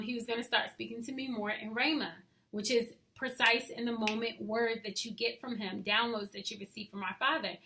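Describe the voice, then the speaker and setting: Bright-voiced hyper woman sharing faith. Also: fairly high pitch. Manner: hyper, animated, drops to soft asides. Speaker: faith vlogger. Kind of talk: casual devotional talk to camera.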